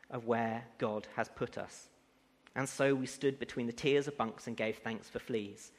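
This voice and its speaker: Man, preacher, sermon, emphatic rising declarations, average pitch, long hall reverb. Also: fairly even intonation, a little slow.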